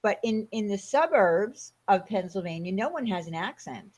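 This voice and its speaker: A woman with a New York accent hosting a casual chat over a video call, telling stories in a chatty, animated way. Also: medium pitch, normal speed. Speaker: host.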